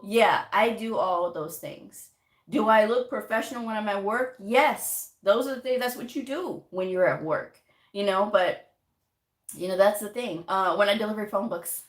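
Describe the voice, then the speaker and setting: A woman giving a casual motivational talk to camera, chatty and animated, telling stories with quoted asides. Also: mid-range voice. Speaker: medical coding vlogger. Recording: echoey room.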